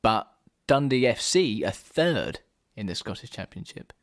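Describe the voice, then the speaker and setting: A man co-hosting a podcast in casual chat, lively and quick to laugh. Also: fairly low pitch. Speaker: podcast co-host.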